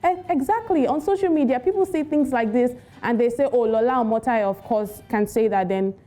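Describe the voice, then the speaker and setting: Woman TV trends presenter, higher voice, mellow tone, faint music under. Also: brisk. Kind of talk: breakfast TV news banter. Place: TV studio.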